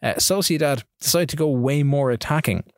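A man co-hosting a casual gaming podcast, recapping his matches in quick rambling bursts. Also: a little high, no room sound, clean studio sound. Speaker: podcast co-host. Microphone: studio mic.

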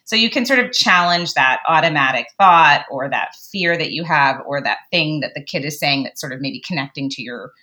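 Woman psych guest on a podcast, low but bright voice, acts out what parents think. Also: normal speed, hardly any pauses. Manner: animated, acts out inner dialogue, laughs often. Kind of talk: casual podcast conversation.

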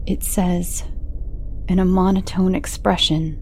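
A woman narrating horror stories in a hushed voice that often sinks into a whisper. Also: on the low side, steady tone, measured pace, gravelly, slight background noise.

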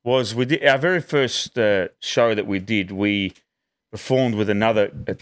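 A man with an Australian accent, a comedian guest telling stories in casual chat, lively and quick to laugh. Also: fairly low pitch.

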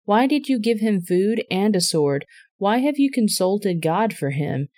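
A woman voicing an angry, paranoid male king who shouts accusations at his men. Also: medium pitch, expressive, measured pace, no room sound, natural voice. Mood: accusing.

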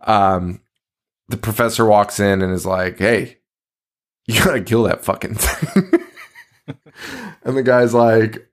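A man's voice: lowish voice, slow pace, long pauses. A man co-hosting a podcast, recapping a horror movie in casual chat, swearing often, laughing and acting out the characters' lines. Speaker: podcast co-host.

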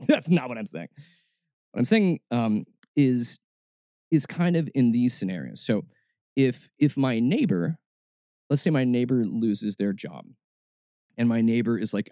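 A man's voice: mid-range voice, lively intonation, a little slow, dark tone, no room sound, studio quality. A man hosting a faith podcast, talking in a casual, reflective way and often restarting his words. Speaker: podcast host.

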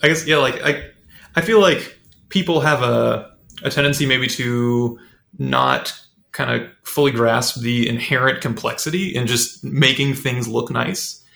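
Gravelly man in an echoey room. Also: medium pitch, measured pace, pushed and bright. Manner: hesitant, thinking aloud. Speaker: podcast co-host. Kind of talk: conversational interview.

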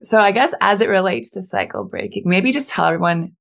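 A woman's voice: medium pitch, huge pitch swings, brisk, gravelly. A woman hosting a podcast interview, affirming her guest often. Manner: affirming, with frequent yeahs. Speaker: podcast host.

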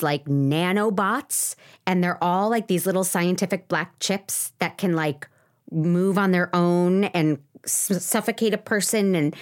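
A woman in her thirties with a fairly low voice co-hosts a casual film podcast. She talks in a loose, chatty way, peppered with fillers. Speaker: podcast co-host.

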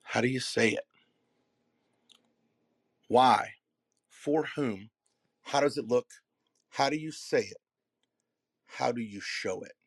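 A man's voice: medium pitch, dry recording. Emphatic man giving a motivational keynote. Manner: emphatic, preacher-like cadence with dramatic pauses and repeated phrases. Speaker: keynote speaker and messaging coach. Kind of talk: motivational keynote to a live audience.

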